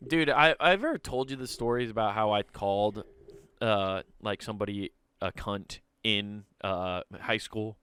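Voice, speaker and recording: A man co-hosting a podcast, telling animated stories in casual chat, swearing freely and laughing through them. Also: fairly low pitch, a little slow, clear, resonant tone, no room sound. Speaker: podcast co-host.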